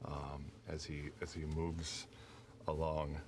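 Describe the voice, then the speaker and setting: A man's voice: extremely low pitch, little pitch movement, slow pace, darkish tone, slight background noise. A man playing a tabletop game in character, drawling and laid-back. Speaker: player. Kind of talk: in-character play.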